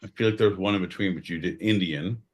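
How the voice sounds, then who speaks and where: Brash man, podcast co-host, low voice, profane teasing banter. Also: fast. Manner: loud, profane, mocking, bursts into exaggerated voices. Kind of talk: crude comedic banter.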